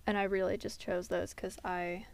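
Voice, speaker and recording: A woman's voice: medium pitch, little pitch movement, moderate pace, gravelly, a little mellow, no echo. A young woman in her late teens, from the United States, co-hosting a casual podcast chat. She talks in a chatty way and explains things at length. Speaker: podcast co-host.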